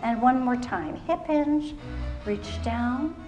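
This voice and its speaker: A woman fitness instructor guides a seated exercise routine on stage. Her voice sits a little high, and she speaks slowly and encouragingly in short, calm cues. Music plays under her voice. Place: stage at a live library show. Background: background music.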